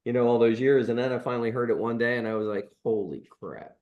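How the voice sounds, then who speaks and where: A man's voice: medium pitch, flat delivery, very fast, dull audio. A man in his sixties, a chiropractor co-hosting a podcast, telling stories in a rambling, casual way with many fillers and restarts. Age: 60s. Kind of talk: casual storytelling chat.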